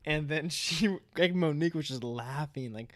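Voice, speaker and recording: A man's voice: fairly high pitch, moderate pace. A young man in a casual podcast chat, telling stories with a teasing, laughing manner.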